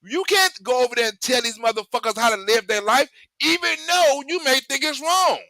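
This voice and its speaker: A male host giving rambling, profane political commentary in an animated way, cursing heavily. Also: very high voice, fairly quick, dry recording.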